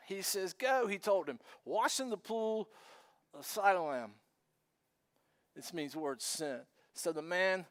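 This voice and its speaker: A male pastor preaching a sermon in an animated, joking way, acting out the story scenes. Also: a little high.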